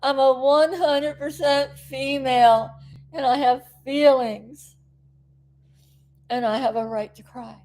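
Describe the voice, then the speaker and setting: A woman's voice: sits high, steady tone, takes it slowly, a little mellow. A woman from South Florida, a vlogger recovering from an injury, chatting to viewers in a rambling, emotional way. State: recovering, tearful. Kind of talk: casual chat to camera.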